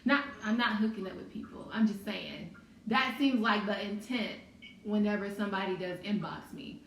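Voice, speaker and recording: In a casual conversation, a woman speaks bluntly with firm opinions, using a mid-range, slightly bright voice at a normal speed. Being a bit distant from the mic in an echoey room makes her sound roomy, and faint background noise is audible.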